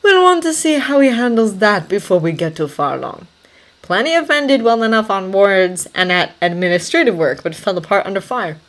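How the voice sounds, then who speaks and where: A woman reading a story aloud, voicing a loyal, measured male army corporal who speaks plainly. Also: mid-range voice, sing-song, lightly acted. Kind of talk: audiobook character voice.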